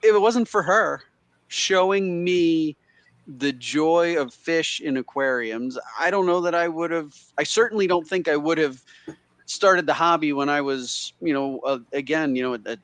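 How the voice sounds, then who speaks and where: A man's voice: fairly high pitch, measured pace, a bit bright, no room sound. A man on a live stream video call, chatting casually and encouragingly, often tagging his points with "right?".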